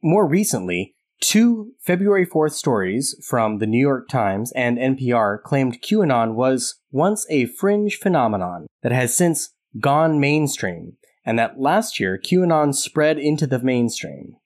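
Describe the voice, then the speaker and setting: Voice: mid-range voice, a little slow, few pauses. A podcast co-host in casual discussion who cracks jokes and reads article passages aloud. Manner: animated, joking asides, reads article excerpts.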